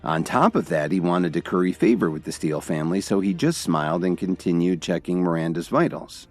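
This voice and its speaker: A man's voice: low voice, a little fast, darkish tone, faint music behind. A man narrating a dramatic story in scripted style, voicing every character himself. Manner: dramatic storytelling, all voices by one reader.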